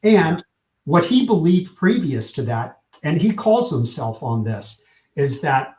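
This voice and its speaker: A man telling a story with energy in an interview, acting out the quotes with lively shifts in tone. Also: on the high side, takes it slowly, echoey room. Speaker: publicist, podcast guest.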